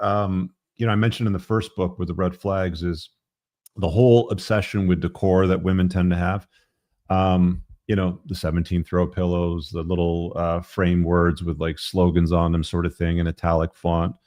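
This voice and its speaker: Deep voiced guy hosting a live podcast, reading his book out loud, wry and rambling. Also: dry recording, studio quality. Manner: wry, tongue-in-cheek, rambling asides with fillers. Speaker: podcast host.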